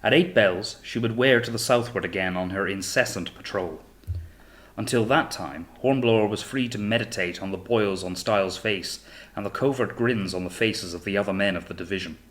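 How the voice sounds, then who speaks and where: A man reading an audiobook of a naval novel in a steady, measured way. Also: on the low side. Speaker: audiobook narrator. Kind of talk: scripted audiobook narration.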